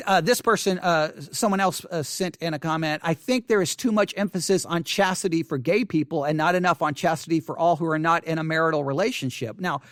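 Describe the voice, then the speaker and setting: A man with a notably high voice, recorded close and dry, works through viewer comments out loud. He talks in an animated, exasperated way, stumbling and restarting often. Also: no echo. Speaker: channel host answering viewer comments. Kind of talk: casual commentary reading comments aloud.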